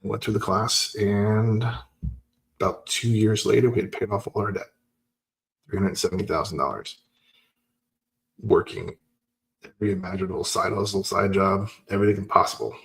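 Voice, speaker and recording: Male host, low gravelly voice, animated personal storyteller. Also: moderate pace, long pauses. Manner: animated storyteller acting out dialogue. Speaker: podcast host. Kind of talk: personal story told casually.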